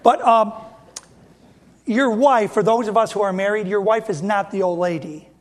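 High-voiced preacher. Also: male voice, moderate pace. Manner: folksy, emphatic preaching with repeated questions. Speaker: pastor. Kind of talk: sermon.

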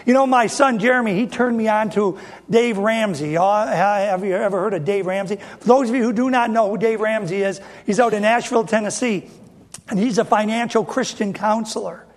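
A high-pitched man in his fifties preaching to his congregation. He speaks in a folksy, emphatic way and keeps returning to the same rhetorical question. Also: normal speed. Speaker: pastor. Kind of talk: sermon.

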